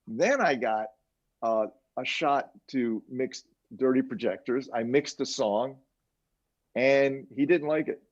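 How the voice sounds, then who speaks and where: An older man, a mixing engineer, telling animated anecdotes in a casual interview and chuckling as he quotes others. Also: medium pitch, slow. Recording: dull lo-fi sound.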